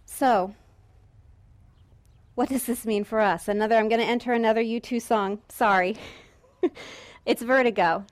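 A woman preaching a sermon in a lively, conversational way, now and then acting out the voices of the people in the story. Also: fairly high pitch, normal speed, pauses often. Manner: lively and conversational, acts out voices of Israelites and God. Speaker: pastor.

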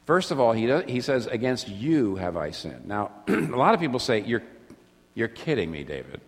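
A man preaching a sermon, earnest, often restarting phrases, swinging between rising intensity and quiet, low emphasis. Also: sing-song, moderate pace, husky. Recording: long reverb of a hall.

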